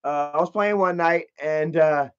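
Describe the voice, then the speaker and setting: A man's voice: fairly high pitch, measured pace, smooth, dull audio. A man telling a story in a casual, profane, rambling rant, often repeating himself. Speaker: channel host.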